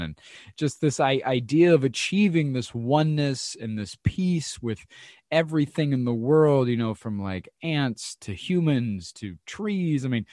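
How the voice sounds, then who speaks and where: A man hosting a podcast, telling a story in a loose, chatty way. He trips over his words, fills pauses, and slips into voices for the people in his tale. The sound is close and dry, with no room around it. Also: on the low side, dry recording. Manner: animated storyteller, acts out quotes, frequent fillers and restarts; laughs often while talking. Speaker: podcast host. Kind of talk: casual storytelling monologue.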